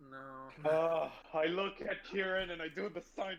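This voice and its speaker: A man at a tabletop game who sounds exasperated and jokey as the plan falls apart. His voice sits slightly high, with a faint hiss behind it. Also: measured pace. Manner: exasperated, joking. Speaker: player. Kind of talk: casual tabletop role-play.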